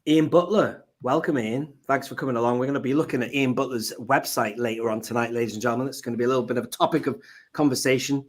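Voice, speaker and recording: A man's voice: medium pitch, steady tone, fast talker. A man hosting a casual live stream chat, joking and laughing often. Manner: chatty, jokey, laughs often. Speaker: host of a live stream show. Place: at home.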